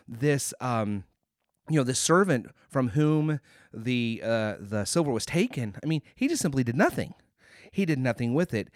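A man's voice: medium pitch, no echo, clean studio sound. A man hosting a podcast, giving an earnest, casual Bible teaching with frequent restarts and emphatic swells. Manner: earnest, many restarts and fillers, rising to emphatic. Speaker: podcast host.

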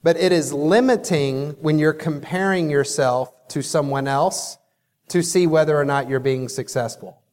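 A man delivering a motivational keynote to a sales crowd, his voice sitting a little higher than most men's. He tells his story with animated energy, playing out the back-and-forth of old phone calls. The sound carries a long trailing reverb from a large hall. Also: a little slow. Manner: animated storyteller who acts out phone dialogue. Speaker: company CEO giving a sales keynote.

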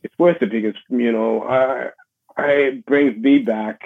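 A middle-aged man with a New York accent, a musician being interviewed, speaking in a halting, reflective way with many restarts. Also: medium pitch, fairly even intonation. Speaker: guest musician. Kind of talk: casual interview conversation. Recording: husky voice over a tinny phone line.

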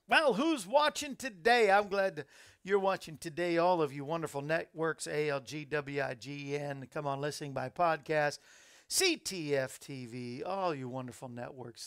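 A man's voice: fairly high pitch, creaky, fairly bright tone. A man hosting a casual live-streamed Christian talk show, upbeat and folksy as he greets viewers by name. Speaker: host.

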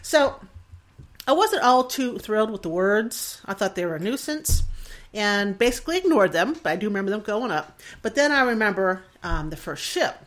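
A woman's voice: mid-range voice, big pitch swings, moderate pace. Earnest woman in her forties, rambling. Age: 40s. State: emotional. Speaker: podcast host. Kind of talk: casual reflective monologue.

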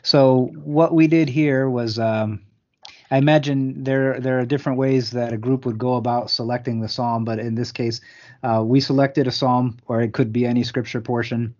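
A man hosts the conversation, laying out the scenario and asking what comes next. His pitch barely moves, giving a flat, steady delivery. The sound is muffled and lo-fi. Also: normal speed. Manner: even, flat delivery with brief affirmations. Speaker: interviewer. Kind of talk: conversational interview.

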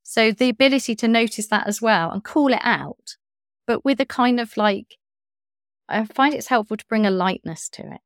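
Woman, life coach, soft reassuring delivery, close dry sound. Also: a little high, moderate pace, no echo. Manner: gentle, soothing, reassuring. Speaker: coach, podcast guest. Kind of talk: interview talk.

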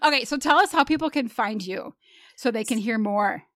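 A middle-aged woman hosting a podcast, telling stories in a blunt, lively casual chat. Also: fairly high pitch, normal speed, no room sound, studio quality. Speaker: podcast host.

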